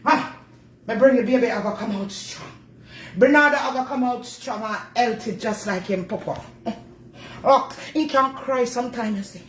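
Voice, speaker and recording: A woman's voice: on the high side, moderate pace, close to an everyday voice. Woman doing bossy patois-talking Master Baker. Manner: bossy, dramatic, fussing over a baby. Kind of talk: comedy sketch character. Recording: echoey room with faint noise.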